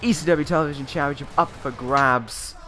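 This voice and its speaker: A man's voice: on the high side, fairly quick, sharp tone, faint music behind. A man giving casual, joking play-by-play commentary on a wrestling video game, slipping into mock announcer phrasing.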